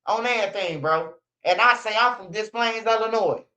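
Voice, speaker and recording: A man with a Chicago accent giving casual, slang-heavy commentary as a channel host, often ending lines with a low "bro" or "man". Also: moderate pace, sharp tone. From Chicago area. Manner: slangy, repetitive, drawls "bro" and "man" low at line ends.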